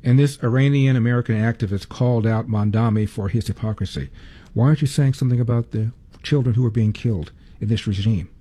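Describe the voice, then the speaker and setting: A man introducing news segments as an anchor in a brisk, pointed delivery. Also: lowish voice, warm tone, slight background noise. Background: faint music.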